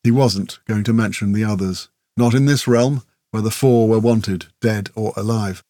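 A man's voice: fairly low pitch, normal speed, mellow, no room sound, studio quality. Man narrating a fantasy audiobook.

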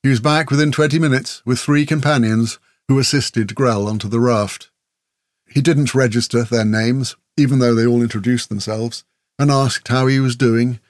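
A man reading fantasy audiobook narration in a steady, measured storytelling manner. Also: medium pitch, dry recording, studio quality.

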